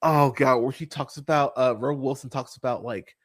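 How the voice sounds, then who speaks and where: Speaking a little fast with fairly even intonation and medium pitch, a young man runs a casual podcast reviewing bad movies. He swears, rambles with lots of fillers, laughs as he goes, and slips into mocking voices.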